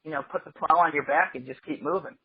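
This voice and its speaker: Husky plain-spoken man on lo-fi audio. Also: a little high, fast, no room sound. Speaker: interview guest, writer and director. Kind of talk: casual interview talk. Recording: dull, lo-fi remote audio.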